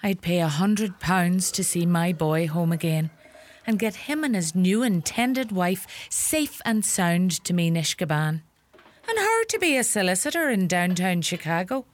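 An actress playing a middle-aged Irish farm mother, sharp-tongued and fussing, with an Irish accent. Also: on the low side, sing-song, measured pace. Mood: teasing. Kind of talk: comedy sketch acting.

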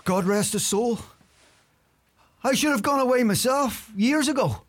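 An older man plays a sly, work-shy Irish uncle in a comedy-sketch style, using a strikingly high, reedy voice and a thick Irish accent. He speaks a little slowly, muttering dry, grumbling wisecracks in a wry mood.

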